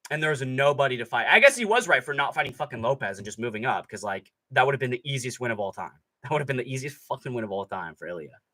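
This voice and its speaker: A man's voice: mid-range voice, animated, quick pace, hardly any pauses, sharp tone. A young man hosting a live fight reaction stream, ranting sarcastically with plenty of profanity. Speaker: streamer host.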